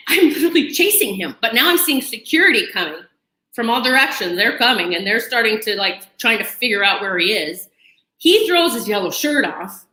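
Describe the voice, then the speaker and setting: Animated woman telling a story in an echoey room. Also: a little high. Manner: animated, chatty, dramatic retelling with asides and laughs. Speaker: channel host. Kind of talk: personal storytelling to camera.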